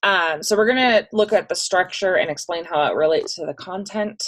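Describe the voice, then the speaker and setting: A woman's voice: fairly low pitch, fairly quick, a bit bright. A woman teaching an English class in a recorded online lesson, chatty and self-deprecating, reading poetry aloud with relish. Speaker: high school English teacher.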